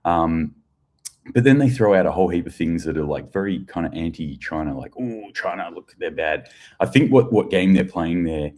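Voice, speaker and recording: A man's voice: sits low, animated, fairly quick, darkish tone. An Australian man giving casual news commentary, rambling and chatty, with crude jokes and plenty of fillers.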